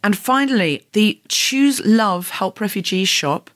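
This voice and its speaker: A woman's voice: medium pitch, lively intonation, measured pace, few pauses, fairly bright tone. A woman podcast host making an earnest, persuasive announcement to her listeners.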